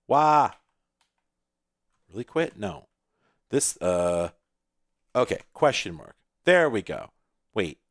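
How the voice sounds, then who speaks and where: A man's voice: on the low side, no echo, clean studio sound. A man hosting a retro computing video, rambling in casual, profane commentary while he plays an old computer game, breaking into sudden exclamations.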